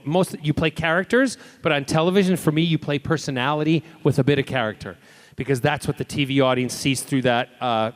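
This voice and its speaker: A man answering fan questions as a convention panel guest, telling lively anecdotes and acting out the dialogue. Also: medium pitch. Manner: animated, acts out quoted dialogue.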